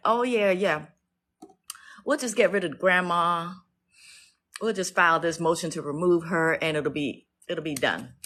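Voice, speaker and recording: A woman's voice: low-pitched, pushed and bright. A middle-aged woman ranting on a casual livestream about her own court case, blunt and profane, stressing her points and often restarting her sentences.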